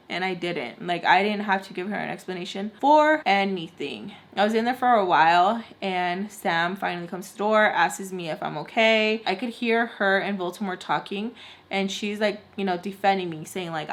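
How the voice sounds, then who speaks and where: A young woman vlogger telling a storytime while doing her makeup, rambling with lots of "like" fillers and dropping in Spanish words. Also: medium pitch. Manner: rambling, heavy "like" fillers, animated retelling. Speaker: beauty vlogger.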